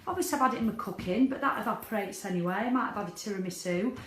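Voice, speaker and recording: A woman's voice: mid-range voice, rapid-fire. A middle-aged woman talking candidly in a casual video diary, swearing freely. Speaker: vlogger. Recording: echoey room.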